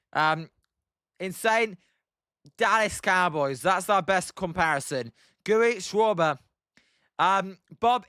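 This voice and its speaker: A young man with an English accent and a fairly high voice, riffing casually through live baseball commentary and reading out viewer comments. His delivery is loose and full of "um"s. The recording is dry and close, with no room sound. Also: sharp tone, no echo. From England. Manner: chatty, reads viewer comments aloud, frequent "um". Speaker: livestream host watching baseball.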